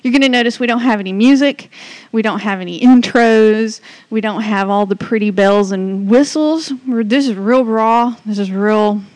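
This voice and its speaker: A woman's voice: fairly high pitch, moderate pace, darkish tone, no echo. A woman with a Southern US accent hosting a loose, unscripted podcast, rambling and restarting her sentences. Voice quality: rambling, restarts a lot, chatty. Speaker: podcast host. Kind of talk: casual unscripted podcast chat.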